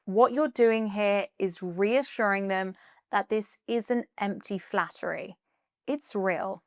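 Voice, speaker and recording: A British woman presenting a scripted English lesson, explaining clearly and reading out example phrases. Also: mid-range voice, takes it slowly, fairly bright tone, no room sound, studio quality. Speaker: English teacher.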